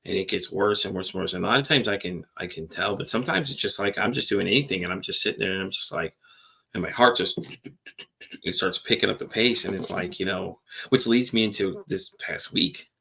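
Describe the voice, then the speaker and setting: A man talks candidly as a podcast host. His voice sits low and gravelly, with a bright, forceful edge. He rambles, circles back on himself and swears casually. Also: fairly quick. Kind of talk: candid personal monologue.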